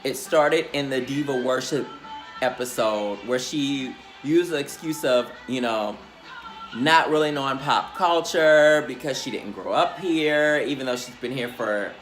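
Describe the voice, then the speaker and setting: A man dishes a sassy, profane reality show recap in a mid-pitched voice. He talks in an animated way, full of attitude. Faint music sits behind him. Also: unhurried. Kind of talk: casual recap commentary.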